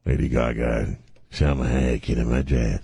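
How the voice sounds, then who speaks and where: Low-voiced older male radio host. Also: fairly even intonation, gravelly, dark tone, husky, no echo. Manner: joking and self-mocking, halting with many fillers when reading stories. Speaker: radio talk show host. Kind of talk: casual talk radio banter and news commentary. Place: radio studio. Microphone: studio microphone.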